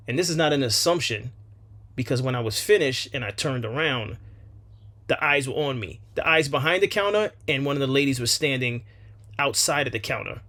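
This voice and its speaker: A man's voice: medium pitch, fairly bright tone. A man hosting his own channel, giving solo commentary on a news story in an earnest, emphatic way, often repeating himself to stress a point. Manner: earnest and repetitive, with emphatic restarts. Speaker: channel host.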